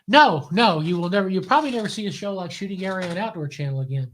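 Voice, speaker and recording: Older man telling animated stories. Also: sits high, fast, a little hiss or hum. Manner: animated storyteller, voices the people he quotes. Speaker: guest. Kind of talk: casual storytelling interview.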